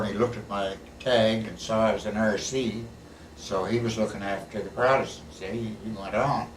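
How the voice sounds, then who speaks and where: An older man, a war veteran, telling his stories in a plain, folksy way, often ending sentences with "eh". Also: on the low side. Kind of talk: casual storytelling interview. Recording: echoey room, recorded from a distance, faint background hiss.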